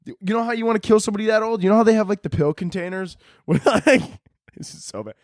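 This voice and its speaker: A man's voice: animated, fast, no room sound. Profane man ranting on a dry mic. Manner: profane, laughing, jumps between high mock voices and low mutters. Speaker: podcast host. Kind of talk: solo comedic podcast rant.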